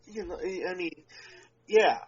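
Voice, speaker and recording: A man's voice: high voice, a little hiss or hum. A man co-hosting a podcast in casual chat, talking at length and leaning hard on his points. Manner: talks at length with emphatic, drawn-out points. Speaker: podcast co-host. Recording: dull lo-fi podcast audio.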